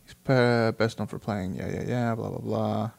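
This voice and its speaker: A man's voice: lowish voice, fairly even intonation, moderate pace, vocal fry, darkish tone. A man reading an article aloud and chatting casually about it, rambling and swearing as he reacts. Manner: rambling, profane, reads aloud then reacts.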